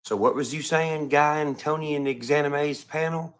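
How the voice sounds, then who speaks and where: A man's voice: fairly high pitch, fairly even intonation, normal speed, clean tone. A man ranting on a livestream, angry and profane, mocking his critics. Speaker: streamer in a played clip.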